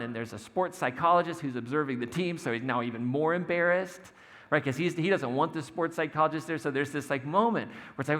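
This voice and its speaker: A man's voice: medium pitch, brisk, fairly bright tone, in a large hall. A man preaching a sermon in a church, telling a story conversationally, acting out the quotes and laughing now and then. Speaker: pastor. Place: church sanctuary.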